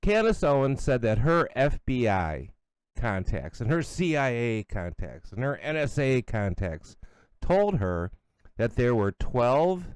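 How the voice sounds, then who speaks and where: Middle-aged male commentary host, blunt and sarcastic. Smooth, resonant voice, close and dry. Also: medium pitch, very animated, slow pace, dry recording. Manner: blunt, sarcastic, scornful, with asides and restarts. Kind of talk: opinionated solo commentary.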